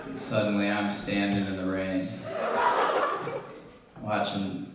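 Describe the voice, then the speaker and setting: Deadpan young man telling a stand-up story. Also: fairly low pitch, takes it slowly, over loud music. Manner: deadpan, absurd escalation. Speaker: comedian. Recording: echoey room, distant mic, heavy noise.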